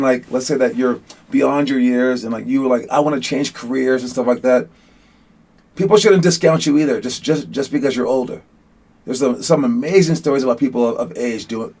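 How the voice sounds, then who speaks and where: A man coaching young basketball players in a casual motivational talk, rambling with many restarts and fillers, and getting animated as he goes. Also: mid-range voice.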